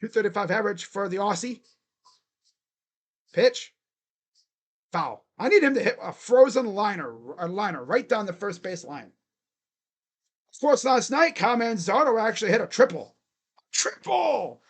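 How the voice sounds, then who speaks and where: A man doing excitable live play-by-play as a fan, cheering, chanting and grumbling at his team. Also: sits high, normal speed, long pauses. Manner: animated, cheering and chanting, swings to muttered grumbling. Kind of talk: excited live game commentary.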